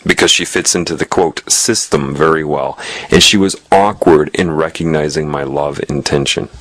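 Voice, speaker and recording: A man's voice: extremely low pitch, steady tone, moderate pace, a bit bright, no echo. A man preaching in an earnest storytelling way, recounting a spiritual testimony.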